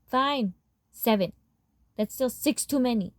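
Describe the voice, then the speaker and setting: A woman's voice: on the high side, takes it slowly, no room sound, studio quality, voice pushed up. A woman voicing a stern working-class immigrant father who speaks in a commanding way.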